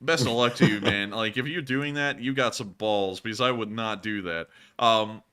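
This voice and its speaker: A man hosts a casual live stream, reading viewer messages and reacting with jokes, frequent laughter and repeated phrases. His voice is lowish, bright and clean, with a forceful tone at normal speed.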